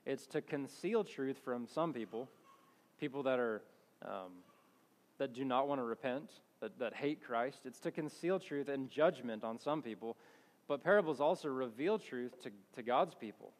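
A man's voice: mid-range voice, animated, normal speed. A man giving a conversational Bible teaching, reading passages aloud and explaining them, often correcting himself as he goes. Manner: conversational, restarts and self-corrections. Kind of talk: sermon with scripture reading. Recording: long hall reverb.

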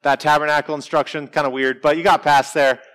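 A man leads a church Bible class in a relaxed lecture style. He explains step by step and talks conversationally. His voice jumps upward whenever he stresses a point. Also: fairly quick. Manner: conversational, explanatory, lively pitch swings on emphasis.

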